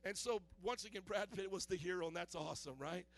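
A man preaching a casual, joking sermon in an animated way, full of fillers. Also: high-pitched, fast talker. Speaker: pastor.

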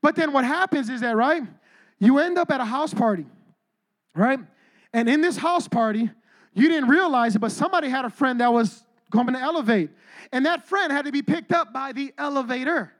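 High-voiced slangy male pastor preaching. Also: normal speed. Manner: energetic, slangy storytelling preacher. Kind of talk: sermon.

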